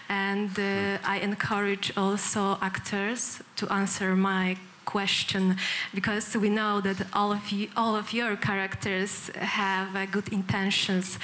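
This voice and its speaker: A woman's voice: medium pitch, a bit bright, a little hiss or hum. A woman journalist asking a formal, careful question at a press conference, with some hesitations.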